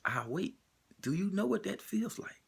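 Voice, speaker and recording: Impassioned man, lively high voice. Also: normal speed, creaky, breathy edge. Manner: repeats pointed rhetorical questions, emotional, preacher-like cadence. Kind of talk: impassioned spoken monologue.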